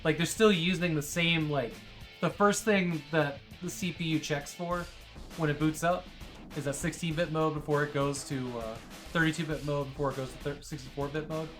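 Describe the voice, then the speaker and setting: A woman's voice: deep voice, steady tone, moderate pace, faint music behind. A woman hosting a casual stream, rambling with lots of fillers and gushing over her dog. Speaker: streamer host.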